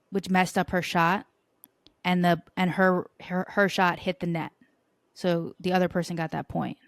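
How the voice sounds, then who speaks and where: A woman hosting a podcast, telling sports stories in an animated, playful and profane way. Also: fairly low pitch, dry recording, clean studio sound. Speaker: podcast host. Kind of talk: casual sports chat.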